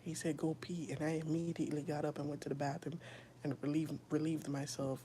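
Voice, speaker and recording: A young woman giving a whispered personal testimony, soft and halting, with a gravelly edge. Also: deep voice, flat delivery, slight background noise. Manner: soft, often whispered, halting with many fillers. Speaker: streamer sharing a personal testimony.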